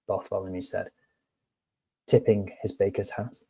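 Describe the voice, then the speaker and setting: A man's voice: on the low side, moderate pace, warm tone. Chatty man tutoring. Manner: chatty, addresses viewers directly. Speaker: HR course tutor. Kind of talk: casual lesson with storytelling.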